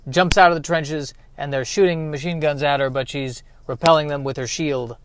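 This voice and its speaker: Male podcast host, sarcastic rambling comic monologue, slightly high voice, dry close sound. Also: fairly bright tone, clean tone, dry recording. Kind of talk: comedic solo monologue.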